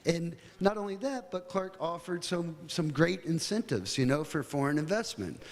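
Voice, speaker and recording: An American man speaks at a conference, his voice sitting a little high for a man. He talks loosely and conversationally, full of fillers and asides. A long hall reverb trails every phrase. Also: expressive, moderate pace. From United States. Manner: casual, chatty storytelling with fillers. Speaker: guest speaker. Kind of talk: conference talk.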